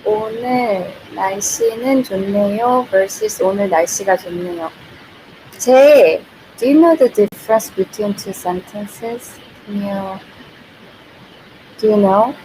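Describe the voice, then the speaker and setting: Korean-accented woman, streaming language tutor, casual and giggly. Mid pitch, slight background noise from the device mic. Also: a little fast, dark tone, low-quality recording. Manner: giggly, repeats and restarts phrases. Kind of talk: casual livestream lesson. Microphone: built-in device mic, no external microphone.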